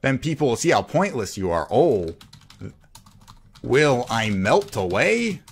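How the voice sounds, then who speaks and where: A man's voice: mid-range voice, sing-song, slow pace, slightly rough. A man streaming a cartoon game, reading other players' chat aloud and answering it with mocking sarcasm. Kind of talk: live gameplay commentary.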